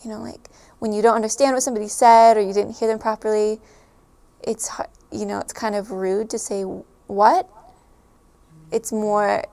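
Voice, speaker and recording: A woman's voice: medium pitch, little pitch movement, brisk, warm tone, clean tone. A woman chatting casually and giggling often, with lots of fillers as she recalls her time abroad. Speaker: storyteller recalling a stay abroad. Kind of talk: casual chat to camera.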